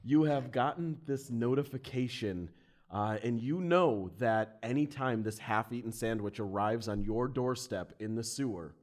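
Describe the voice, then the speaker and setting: A man's voice: medium pitch, unhurried, darkish tone. A man running a live tabletop game as game master, narrating the scene and laughing as he goes. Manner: laughs through his narration.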